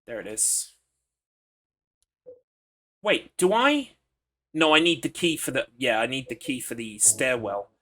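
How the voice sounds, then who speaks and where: A man's voice: medium pitch, expressive, a little slow, long pauses, bright, forceful tone. A man streaming a horror game live, chatting casually in a rambling, crude, joking way with plenty of fillers.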